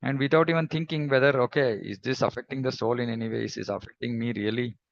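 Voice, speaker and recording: A man giving a devotional scripture class in a reflective, measured way, pausing often and humming between thoughts. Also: mid-range voice, fairly even intonation, vocal fry, muffled recording. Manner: reflective, measured, with pauses and hums. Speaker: scripture teacher.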